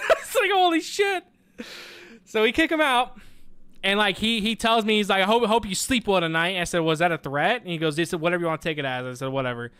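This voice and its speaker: A man's voice: fairly high pitch, clean tone, no echo. A young man, a streamer, casually telling a story with lots of swearing and quoted back-and-forth dialogue. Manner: profane, animated retelling with quoted dialogue.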